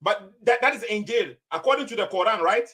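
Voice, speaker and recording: A man's voice: sits high, lively intonation, brisk, bright, forceful tone. A man in a heated religious debate, pressing his opponent and repeating his questions insistently.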